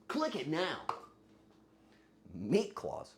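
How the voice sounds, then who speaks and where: Livestreamer, casual chat, crude jokes, hoarse edge, very animated pitch, shouty bursts. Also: normal speed, long pauses. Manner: crude, joking, bursts into yelling. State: voice getting hoarse.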